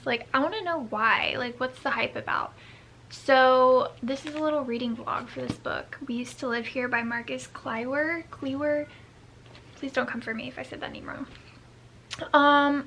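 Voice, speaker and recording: Young woman book vlogger, bright and slightly high, rambling casual chat. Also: a little hiss or hum. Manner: rambling, scattered, self-mocking asides. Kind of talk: casual reading vlog chat.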